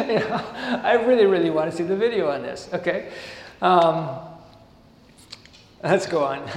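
A man's voice: sits high, unhurried, long pauses. A man preaching a sermon, reading passages aloud and breaking into casual, chuckling asides. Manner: reads passages then riffs casually with laughs and asides. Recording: roomy hall with long reverb.

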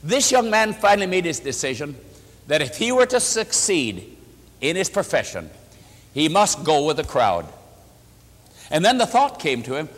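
Impassioned preacher in an echoey hall. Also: male voice, high voice, big pitch swings, normal speed. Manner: emphatic, rising to impassioned pleading. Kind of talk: sermon storytelling.

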